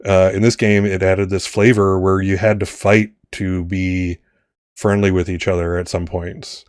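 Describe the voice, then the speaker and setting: A man's voice: deep voice, level tone, unhurried, clear, resonant tone, no room sound, clean studio sound. A man game master in casual chat, rambling with many restarts and some swearing. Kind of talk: casual campaign wrap-up chat.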